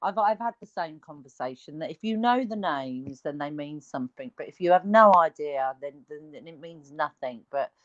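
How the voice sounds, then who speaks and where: A woman's voice: sits low, lively intonation, moderate pace, hardly any pauses. A woman from Britain in casual stream chat, telling stories animatedly, swearing and laughing often. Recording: dry, dull lo-fi audio.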